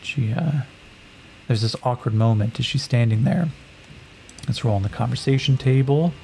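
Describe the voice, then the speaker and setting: Low, gravelly male game narrator. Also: slight background noise, rough recording. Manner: relaxed and unhurried, with many fillers. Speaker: solo tabletop game narrator. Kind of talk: narrating a solo tabletop game.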